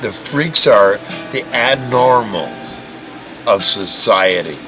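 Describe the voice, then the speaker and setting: Crude, ranting man with a lively voice. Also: fairly low pitch, slow pace, rough recording. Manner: mocking, crude, swears constantly, stammering restarts. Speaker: livestream host. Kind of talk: profane ranting livestream chat. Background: music playing.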